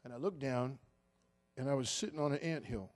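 A man, a pastor, telling a humorous personal story in a sermon and preaching directly to his congregation in a folksy, animated way. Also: medium pitch, fairly quick.

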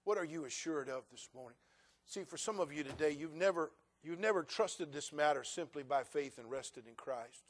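A middle-aged male pastor preaching a sermon, moving from folksy storytelling to loud, emphatic preaching. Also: fairly high pitch, moderate pace.

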